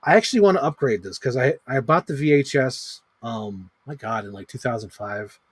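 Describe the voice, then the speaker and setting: A man's voice: mid-range voice, animated, brisk, husky, no room sound. A man in his thirties chatting casually on a livestream as he ranks movies, rambling, swearing freely and filling his talk with "like". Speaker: movie ranking streamer.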